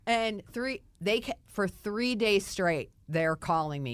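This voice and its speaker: Lively woman telling her story. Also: fairly low pitch, moderate pace, dry recording. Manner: animated, laughing storyteller. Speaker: guest. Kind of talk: casual storytelling chat.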